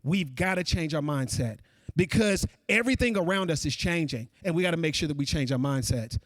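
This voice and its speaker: Animated high-pitched man giving keynote. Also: fairly quick, dry recording. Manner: animated, addresses audience directly as folks. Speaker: keynote speaker. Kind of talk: conference keynote speech.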